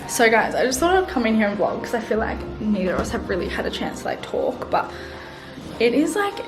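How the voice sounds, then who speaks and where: A young woman chats to camera in a casual vlog, gushing and full of "like". Her voice sits a little high. Music runs clearly underneath. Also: fairly quick, poor audio. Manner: gushing, excitable, lots of "like". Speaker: vlogger. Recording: background music.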